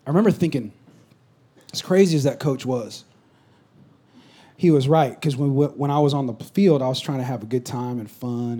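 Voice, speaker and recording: A man in his thirties preaching, telling a personal story in an animated, joking way. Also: mid-range voice, normal speed, long pauses, breathy edge. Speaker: pastor. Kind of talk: sermon.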